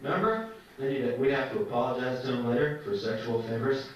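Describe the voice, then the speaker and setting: A man's voice: medium pitch, fairly quick, muffled recording. Man doing stand-up in an echoey club. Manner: teasing, talks to the crowd. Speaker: stand-up comedian. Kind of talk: stand-up comedy set. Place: comedy club. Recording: echoey club from far off, loud room noise. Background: audience laughter.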